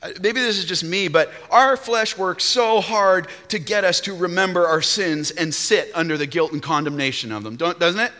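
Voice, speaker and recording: A man preaching a sermon as pastor, emphatic and animated, now and then breaking into song. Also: high voice, normal speed, few pauses, big-room sound.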